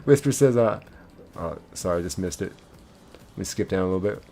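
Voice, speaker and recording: A man's voice: low-pitched, expressive, brisk, warm tone, a little hiss or hum. A man streaming a game live, chatting casually and reading viewer comments aloud.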